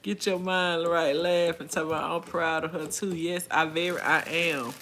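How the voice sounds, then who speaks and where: A woman's voice: lowish voice, steady tone, normal speed, fairly bright tone. A woman in her forties hosting a casual livestream, reading viewer comments aloud and chatting in a folksy way with frequent laughter. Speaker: livestream host.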